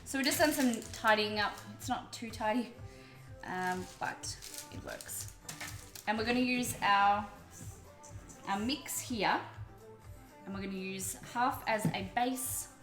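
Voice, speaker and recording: A woman's voice: medium pitch, slow pace, long pauses, fairly bright tone. Chatty Australian woman with music behind. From Melbourne, Australia. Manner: chatty, chats with viewers while cooking. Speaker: cooking stream host. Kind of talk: casual live-stream cooking chat. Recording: roomy echo with music behind.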